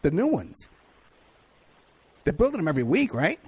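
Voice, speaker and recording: A man's voice: a little high, wildly swooping pitch, moderate pace, a little mellow, breathy edge. A man hosting an interview who asks direct, probing questions. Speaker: host.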